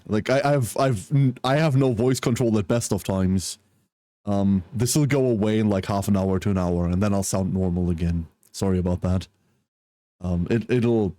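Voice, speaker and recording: A man talks to his stream viewers from home, still groggy after a nap. His voice sits low and mellow, and it is recorded close and dry. He greets people one by one in a soft, apologetic way. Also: moderate pace, dry recording. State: groggy, just woke from a nap. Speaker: livestreamer. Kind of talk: casual livestream chat. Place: at home, wrapped in a blanket.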